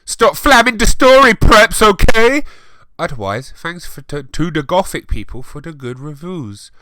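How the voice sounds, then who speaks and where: A man putting on a shrill, whiny teen girl author. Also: animated, a little slow, sharp tone, dry recording, full character voice.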